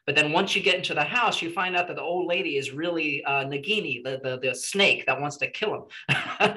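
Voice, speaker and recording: A man's voice: a little high, sharp tone, poor audio. A man teaching a casual screenwriting workshop to a small group, chatty and encouraging with lots of "you know"s.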